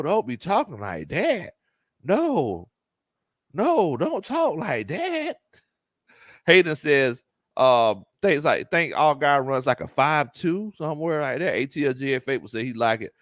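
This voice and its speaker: Man, sports stream host, animated delivery, dry close mic. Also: medium pitch, a little slow, no room sound. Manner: laughs often, Southern slang, animated reactions. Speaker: sports show host and coach. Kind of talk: casual livestream chat reading comments.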